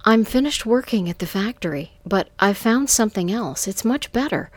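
A woman voicing an eager young man on the phone, talking in an excited rush. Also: medium pitch, normal speed, no room sound, voice pushed up, natural voice.

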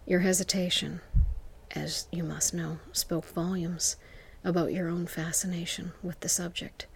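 A woman narrating an intimate whispered role-play to the listener, in a soft, slow, seductive whisper. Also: lowish voice, level tone, vocal fry, a little hiss or hum.

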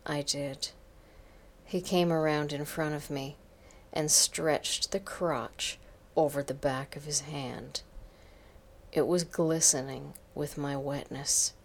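A woman tells a first-person story in a soft, intimate voice. Her voice sits low, and she takes her time. At moments she sinks almost to a whisper. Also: fairly even intonation, takes it slowly. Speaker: story narrator. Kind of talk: scripted first-person narration.

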